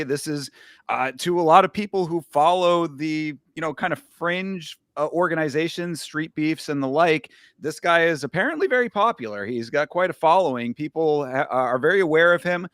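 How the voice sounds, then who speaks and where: A man's voice: a little high, animated, moderate pace, a bit bright, no room sound, studio quality. A man hosting a casual podcast, talking in a rambling way with many restarts and asides. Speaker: podcast host. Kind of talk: casual chat.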